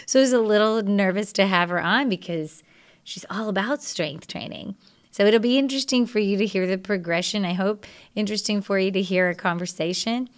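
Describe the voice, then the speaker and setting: A woman's voice: medium pitch, a little fast, clear, resonant tone. A woman from Texas with a Texas accent, hosting a podcast in a chatty, laughing manner. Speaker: podcast host. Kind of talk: casual interview.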